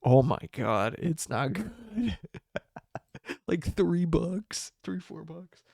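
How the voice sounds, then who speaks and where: A man's voice: a little high, sing-song, slow pace, vocal fry, darkish tone, slight background noise. A man hosting a casual solo livestream podcast. He rambles, restarts his sentences, corrects himself often and laughs a lot. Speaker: podcast host.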